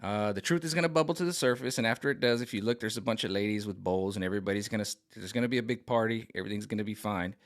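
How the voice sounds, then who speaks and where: A man's voice: fairly low pitch, racing, hardly any pauses. A man giving a casual tarot card reading to his viewers, talking in a rambling, repetitive and emphatic way with many restarts. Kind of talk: casual spiritual vlog reading.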